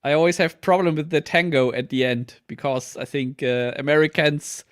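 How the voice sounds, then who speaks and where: A man's voice: on the high side, steady tone, normal speed, no echo, clean studio sound. A man from Germany, joining a casual panel chat and talking in a wry, self-deprecating way.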